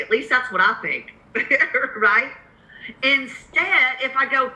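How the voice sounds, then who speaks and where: A woman's voice: high-pitched, animated, moderate pace, bright, forceful tone, echoey room, low-quality recording. A woman with a Southern accent coaching real estate investors on cold calls in a live webinar, emphatic and repeating her key points.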